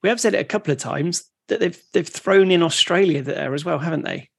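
Male podcast co-host, gravelly, loose and rambling. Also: a little high, lively intonation, fairly quick. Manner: rambling, with frequent restarts. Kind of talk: casual educational chat.

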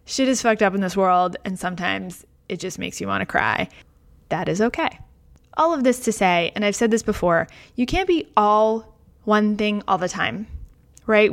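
A woman hosting a podcast, talking in a candid, gentle and reflective personal monologue. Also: mid-range voice. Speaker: podcast host.

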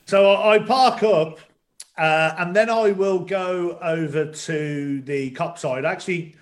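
A man's voice: sits high, takes it slowly. A man, a stadium announcer and guest, telling his story at a casual pace with many fillers. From England. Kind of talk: casual interview chat.

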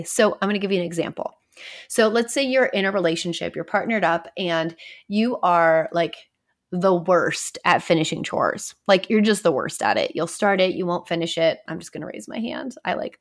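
A woman in her thirties, a therapist hosting her own podcast, talking candidly and conversationally on her own, sometimes dropping to a near whisper. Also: lowish voice. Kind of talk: casual solo podcast talk.

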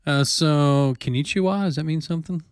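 A man's voice: a little high, fairly quick, smooth, no echo, studio quality. Jokey man hosting a chatty podcast. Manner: jokey, laughs often, restarts sentences. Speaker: podcast host. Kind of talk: casual co-host banter.

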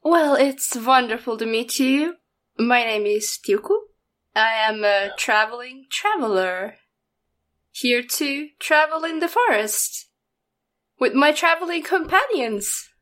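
A woman's voice: high voice, animated, slow pace, a bit bright, heavily acted. A woman playing a vain, cheerful adventurer character in a tabletop game. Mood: playful. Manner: playful.

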